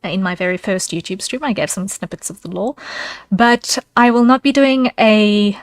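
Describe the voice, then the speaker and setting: A woman's voice: medium pitch, normal speed, no room sound. A woman streaming as a VTuber, chatting casually with her viewers, giggling and thanking them by name.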